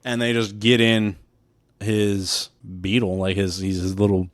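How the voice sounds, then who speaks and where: A man's voice: on the low side, flat delivery, unhurried, no room sound. A young man co-hosting a podcast, recapping a film in casual, profane chat full of laughs and tangents. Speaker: podcast co-host. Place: room with many windows.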